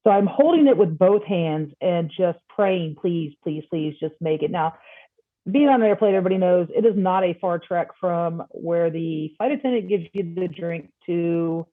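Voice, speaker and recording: A woman guest on a podcast, telling a personal story in a casual, animated way and acting out the dialogue. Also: lowish voice, normal speed, no room sound. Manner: animated, acts out quoted dialogue. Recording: tinny phone-like line.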